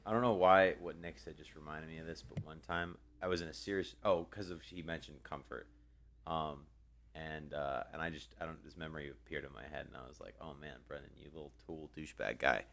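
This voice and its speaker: Young male co-host, very low register, loose rambling delivery full of ums. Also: fairly even intonation, fairly quick, a bit bright, slight background noise. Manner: rambling, many ums and restarts. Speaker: podcast co-host. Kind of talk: casual storytelling chat.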